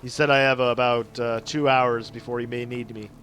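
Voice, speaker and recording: A young Canadian man streaming gameplay live, chatting excitedly with viewers and apologizing a lot. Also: mid-range voice, fairly quick, faint music behind.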